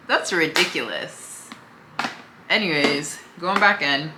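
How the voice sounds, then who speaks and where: Young woman, chatty makeup vlogger, low bright voice, echoey room, faint hum. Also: very animated, moderate pace. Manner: chatty, talks while applying makeup, easygoing. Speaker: beauty vlogger. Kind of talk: casual makeup tutorial chat.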